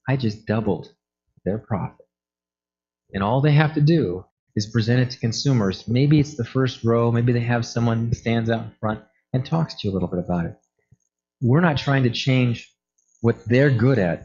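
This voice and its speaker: A man's voice: medium pitch, darkish tone, lo-fi sound. Conversational man giving a conference talk. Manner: conversational, acts out quoted phone calls. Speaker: energy efficiency product manager giving a talk.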